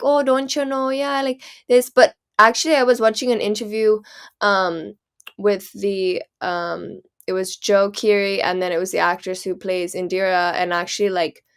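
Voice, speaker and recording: A woman's voice: lowish voice, clean tone. Young woman saying "like" constantly. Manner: heavy use of "like", restarts, thinking aloud. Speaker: podcast co-host. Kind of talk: casual chat.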